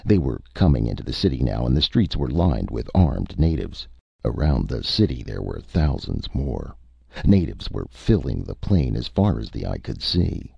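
Very deep gravelly male narrator. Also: no echo. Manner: steady, measured storytelling. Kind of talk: audiobook story reading. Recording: dry, dull lo-fi recording.

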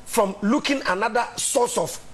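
A Ghanaian man speaking as a guest, measured and addressing the host directly. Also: extremely high pitch, husky.

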